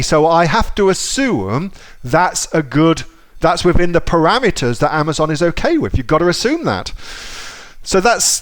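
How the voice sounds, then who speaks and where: Male seller, casual tutorial talker, a touch high-pitched, loose and profane. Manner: chatty, swears casually, repeats himself. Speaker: online seller teaching. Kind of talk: casual screen-share tutorial.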